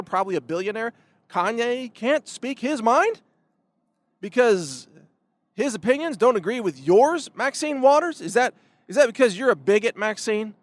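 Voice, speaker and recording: Impassioned ranting man, fairly high voice. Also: dry recording. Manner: impassioned, ranting, with sharp emphatic swings; repeats words on restarts. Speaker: commentary show host. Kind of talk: political commentary monologue.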